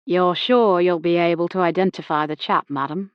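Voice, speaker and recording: A woman's voice: on the low side, moderate pace, clear, resonant tone, no room sound, highs cut off, close to an everyday voice. A woman voicing a polite, mild-mannered young male police constable in an audiobook. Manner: mild, courteous.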